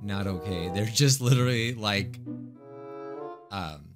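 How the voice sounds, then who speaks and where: A man hosting a reaction video, talking in a jokey, animated way. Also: fairly low pitch, a little slow. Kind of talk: casual reaction commentary. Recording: music playing behind voice.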